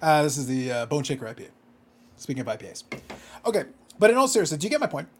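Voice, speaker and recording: A man's voice: a little high, very animated, rapid-fire, slight background noise. A man co-hosting a casual podcast chat, ranting with profanity and disbelief. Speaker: podcast co-host.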